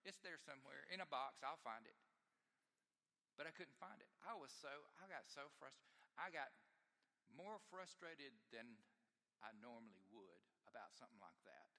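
A man's voice: mid-range voice, sharp tone. A middle-aged male pastor preaching a sermon in a conversational, storytelling way at a live church service. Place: church sanctuary. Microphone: live service mic. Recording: long reverb of a live sanctuary.

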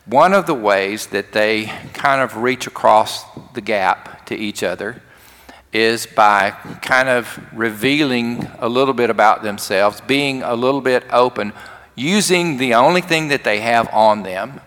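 A pastor preaches a sermon, retelling a story and acting out what the characters say. His mid-range voice is a bit bright and a little slow, and a long hall reverb trails after his words.

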